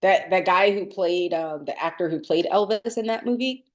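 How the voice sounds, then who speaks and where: Woman podcast co-host, lowish voice, rambling casual chat full of "like" and restarts. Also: moderate pace, highs cut off. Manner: chatty, many fillers and restarts.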